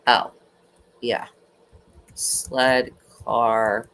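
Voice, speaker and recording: Bright-voiced rambling true crime host woman. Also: sits low, measured pace, slight background noise. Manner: rambling, animated, with frequent restarts. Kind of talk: casual chat.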